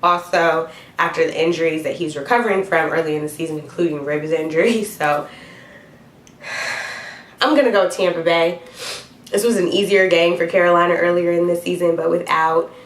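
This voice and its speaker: A woman's voice: on the low side, fairly bright tone. A woman with a cold, coughing now and then, chatting casually through her football picks with little laughs and the odd "y'all". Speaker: vlogger giving football picks. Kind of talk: casual to-camera picks vlog. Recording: echoey room.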